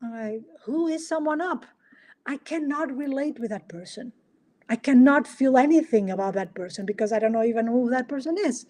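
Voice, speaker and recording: Woman podcast host, somewhat high voice, mellow tone, lively rhetorical coaching talk. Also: normal speed. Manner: animated, acts out little dialogues, asks rhetorical questions.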